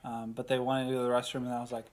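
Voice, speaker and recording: A young man with an average, mid-range voice co-hosts a casual podcast. He tells stories in a halting, chatty way, with plenty of ums and likes. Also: medium pitch, little pitch movement. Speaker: podcast co-host. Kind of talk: casual chat.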